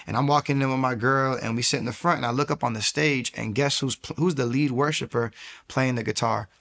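Gravelly-voiced man telling his testimony. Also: medium pitch. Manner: animated retelling that acts out quoted dialogue; frequent filler "like" and quick restarts. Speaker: guest giving a faith testimony. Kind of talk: personal testimony storytelling.

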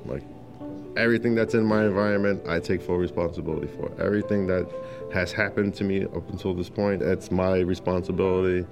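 A man's voice: deep voice, brisk. A man telling his personal story in casual testimony, acting out quotes with lots of fillers, over faint music. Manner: animated storyteller who acts out quotes, many fillers. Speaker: interviewee sharing his story.

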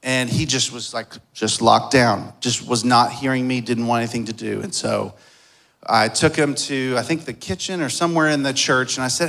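A man preaching a sermon as a pastor, telling a personal story, his voice moving from soft and hushed to loud and emphatic. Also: mid-range voice, moderate pace, gravelly.

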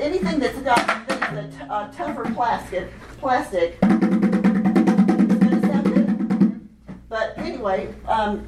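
Upbeat woman leading a music workshop. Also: on the high side. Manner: chatty and upbeat, laughs often. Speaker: children's music workshop leader. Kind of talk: teaching a hands-on workshop. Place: meeting room at a conference session. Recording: roomy hall recorded from a distance. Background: group echoing chants.

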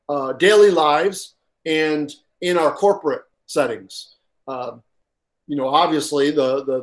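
A man preaching a sermon, reading from a workbook and stressing his points with repeated words and restarts. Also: fairly high pitch. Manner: reads aloud from a workbook. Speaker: pastor.

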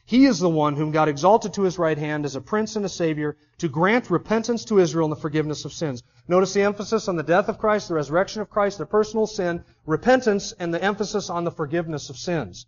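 A man's voice: sits high, fast, few pauses, highs cut off. A man preaching an expository sermon, reading scripture aloud and then pressing home his points with emphasis.

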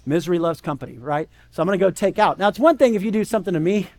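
This pastor rattles off his sermon rapid-fire in a high, slightly mellow voice, keeping it conversational with constant "right?" check-ins and dramatized quotations.

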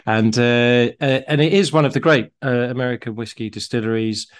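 A man, co-hosting a casual chat and explaining things in a steady way with some fillers. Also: mid-range voice, brisk. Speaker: co-host.

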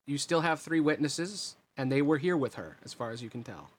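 In a medium-pitched voice that moves fairly quickly, a male game master loosely rambles through scene descriptions during a tabletop session.

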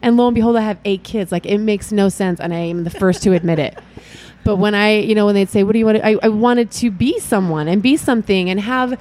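A woman's voice: medium pitch, brisk, a little mellow. A middle-aged woman, a mother, chatting as an interview guest in a bubbly, rambling way, often laughing. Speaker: guest, event organizer and mother. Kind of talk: casual interview chat.

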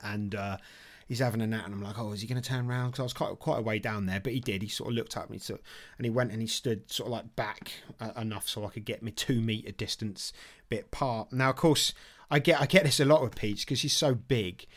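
A man's voice: fairly low pitch, fairly even intonation, fairly quick. Jokey man, casual podcast chat. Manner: chatty and jokey, laughs often. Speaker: podcast co-host.

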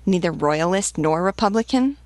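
A woman voicing a haughty old male French nobleman on the run, speaking with grave calm. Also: fairly low pitch, normal speed, no echo, natural voice. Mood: questioning.

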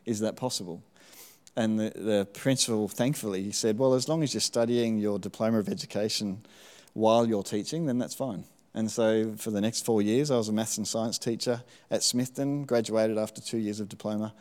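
A middle-aged man with a lowish voice shares his testimony from the pulpit. He talks in a relaxed, self-deprecating way, with plenty of ums. His voice rings out with a long reverb across a church hall. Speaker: church speaker sharing testimony. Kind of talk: sermon testimony.

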